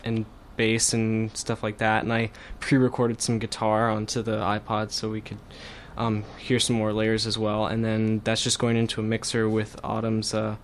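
A man's voice: lowish voice, completely flat delivery, moderate pace, hardly any pauses. Young male musician, loose rambling interview talk, faint hiss behind. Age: young adult. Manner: rambling, full of fillers and restarts. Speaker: band guitarist and songwriter. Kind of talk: casual interview chat. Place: radio studio.

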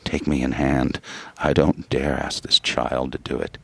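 A man reading the lines of a stiff, detached dwarf count in a slow, low, impassive way. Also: level tone, creaky, bright, forceful tone, husky, no room sound, exaggerated voice. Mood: cool, detached.

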